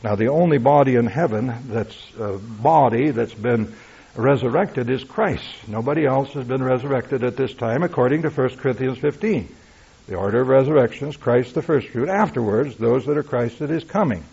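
A man's voice: medium pitch, moderate pace, vocal fry, a little mellow, husky. A man preaching an emphatic sermon, teaching from the Bible and asking "you see?" as he goes, on a dull lo-fi recording. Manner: emphatic, rhetorical asides like "you see?" and "all right?".

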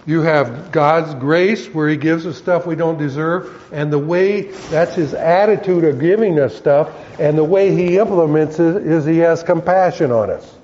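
A man's voice: on the high side, a little mellow, muffled recording, a little hiss or hum. A man, a pastor teaching a Bible lesson to his congregation, explaining words one at a time and often stopping to correct himself. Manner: halting, self-correcting, explaining word by word.

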